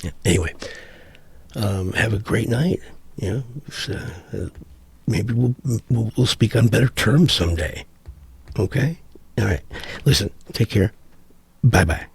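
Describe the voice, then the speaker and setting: Vlogger, middle-aged man, low gravelly husky voice, dry close sound, profane exasperated rant. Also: animated, unhurried, dry recording. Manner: profane, exasperated, rambling with restarts. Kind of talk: ranting commentary vlog.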